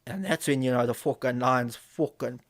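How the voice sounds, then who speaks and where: A man's voice: mid-range voice, moderate pace. A man casually telling a story on a live stream, swearing often and repeating phrases as he builds tension. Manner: profane, vivid storyteller who repeats phrases.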